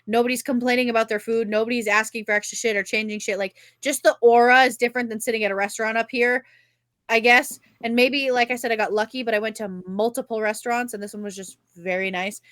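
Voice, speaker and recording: Bright-voiced chatty New woman. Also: on the high side, quick pace, no room sound. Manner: rambling animated storyteller, swears freely. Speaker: podcast co-host. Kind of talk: casual chat.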